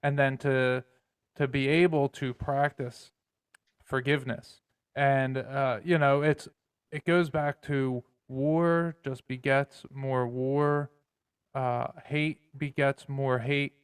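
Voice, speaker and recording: Smooth, dry-voiced male podcast host. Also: mid-range voice, level tone, no room sound. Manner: reflective, measured, uses plain sayings. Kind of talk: casual conversation.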